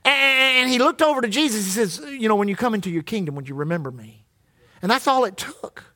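A man's voice: sits high, lively intonation, a little fast, bright, forceful tone. A male pastor preaching a sermon in church, leading the congregation in call-and-response.

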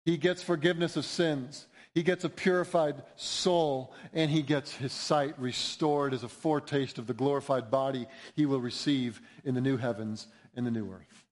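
A man's voice: mid-range voice, steady tone, moderate pace, hardly any pauses. A man preaching a sermon in an earnest, emphatic way, building to rising appeals. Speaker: pastor.

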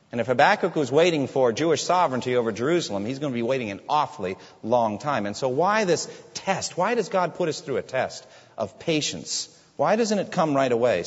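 A man preaching a sermon as a pastor, emphatic, with dramatic pauses and rhetorical questions. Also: medium pitch, breathy edge, big-room sound, muffled recording.

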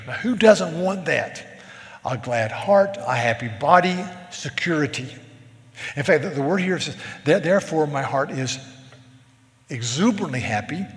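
Pastor, male, slightly high voice, earnest sermon delivery, long hall reverb. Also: fairly bright tone. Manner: earnest preaching, quoting scripture aloud.

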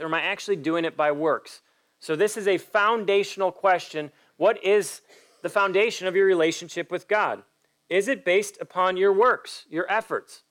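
A man's voice: sits high, fairly bright tone. A man preaching a sermon as pastor, emphatic and direct, putting pointed questions to his listeners. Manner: acts out quoted voices in a story.

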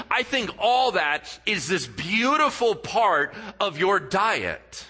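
A male pastor preaching a sermon in church, telling stories with acted-out voices and dropping to quiet, earnest tones for his key points. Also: fairly high pitch, moderate pace, hardly any pauses, slightly rough. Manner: animated storyteller, acts out voices and sound effects. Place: church sanctuary.

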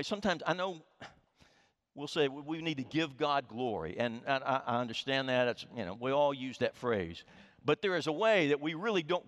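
Male pastor, expressive preaching delivery with swings into soft hushed lines, big reverberant sanctuary sound. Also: mid-range voice. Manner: animated preaching, repeats words, drops to hushed tones. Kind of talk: sermon. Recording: long hall reverb.

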